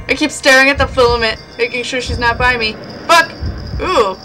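Her voice is on the high side and sharp, at a moderate pace, and the audio is poor with music over it. As a gaming channel host she gives casual horror-game commentary, jumping and cursing, shrieking at each scare and addressing the on-screen ghosts.

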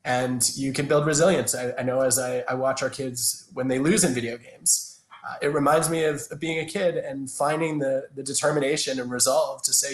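A man in his thirties answers interview questions in a thoughtful, explanatory way, often restarting his sentences. He speaks at a middle pitch. The sound is roomy, with a noticeable echo from a video call. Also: fairly even intonation, fairly quick. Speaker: guest, organizational psychologist.

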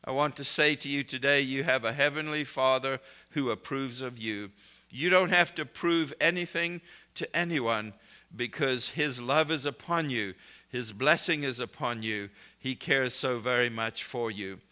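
A man's voice: medium pitch, a little slow, sharp tone, clear, resonant tone. A man preaching a recorded sermon in an emphatic, declarative way, speaking blessings and prayers over his listeners.

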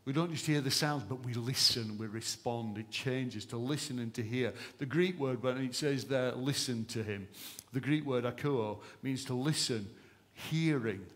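A male pastor delivers a sermon to his church with a voice of ordinary middle pitch. His preaching is impassioned, pushing hard on key lines before sinking to a hushed, earnest tone. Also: moderate pace. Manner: impassioned, emphatic preaching that swings from loud to hushed. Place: church service.

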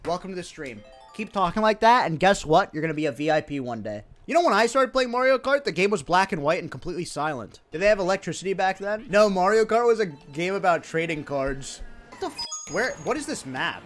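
A young man from India, streaming and chatting casually with his viewers in an excitable, joking, swear-heavy way. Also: high voice, fairly quick, few pauses, faint music behind. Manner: animated, excitable, swears, jokes with chat. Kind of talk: casual livestream chat.

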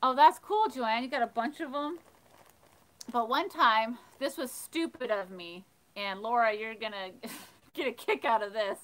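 A woman hosting a livestream, casually telling funny stories and reading chat, animated and laughing. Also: fairly high pitch, unhurried, low-quality recording. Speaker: livestream host of a thrifting channel. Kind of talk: casual storytelling while reading live chat.

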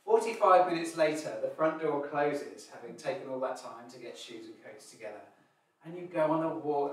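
A man's voice: on the high side, moderate pace. A man preaching a sermon, acting out voices in his stories. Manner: animated, acts out children's whiny voices. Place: church hall. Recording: echoey hall, distant mic, faint noise.

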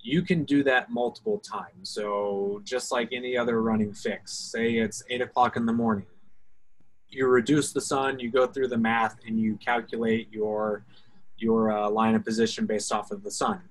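Husky Alabama man explaining navigation. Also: fairly low pitch, level tone, moderate pace, poor audio. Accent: Alabama Southern US. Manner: explanatory, self-hedging, talks through steps. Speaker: Coast Guard guest expert. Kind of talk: informal technical Q&A talk.

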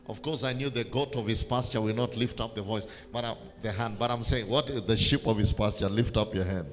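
A man's voice: lowish voice, fairly quick. A man, preaching a sermon as a bishop in an emphatic, repetitive call-and-response manner. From Kenya. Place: large church hall. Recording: reverberant church hall with music.

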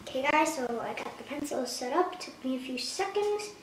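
A woman's voice: high voice, expressive, normal speed, distant mic, a little hiss or hum. A woman hosting a comedic spoof vlog at home, talking in a playful, mock-dramatic way with exaggerated gasps and alarm. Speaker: vlogger. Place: at home indoors. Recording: echoey room, voice from off-mic.

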